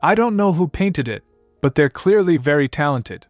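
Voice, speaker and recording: A man voicing a cheerful, teasing old grandmother who speaks warmly. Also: on the high side, expressive, normal speed, dry recording, soft background music, voice pushed up, natural voice. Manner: warm, teasing.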